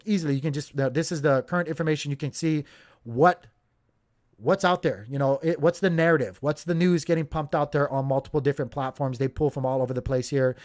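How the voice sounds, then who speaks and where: A man hosting a crypto channel, giving casual market commentary with lots of fillers and talking straight to viewers as you guys. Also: fairly high pitch.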